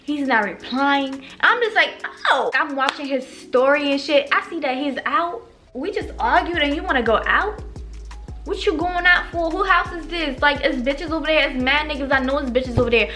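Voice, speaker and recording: A young woman telling stories in a casual, animated way, swearing a lot and acting out what people said. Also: sits high, moderate pace, soft background music. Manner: animated, profane, acts out quoted lines. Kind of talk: casual storytime monologue.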